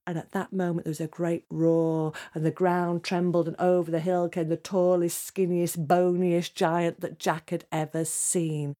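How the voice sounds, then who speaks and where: A woman storyteller spinning a fairy tale for children. She is lively and dramatic, speeding through the action and slowing to a hush for the tense parts. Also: lowish voice. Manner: lively, dramatic, drops to hushed tones for suspense.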